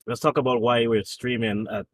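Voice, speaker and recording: Husky-voiced man hosting a podcast. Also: medium pitch, brisk, no echo. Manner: relaxed, affirming with frequent short replies. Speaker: co-host. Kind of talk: casual podcast chat.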